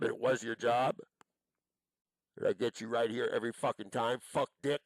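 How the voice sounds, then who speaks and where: A man's voice: medium pitch, fairly even intonation, moderate pace, no echo, low-quality recording. A man delivering an angry, profane monologue, accusing and cursing as he rambles from one charge to the next.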